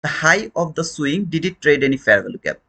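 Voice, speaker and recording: A man's voice: fairly high pitch, sing-song, brisk, bright, forceful tone. Man teaching a live chart lesson. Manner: repeats points, questions chat viewers directly. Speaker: trading teacher.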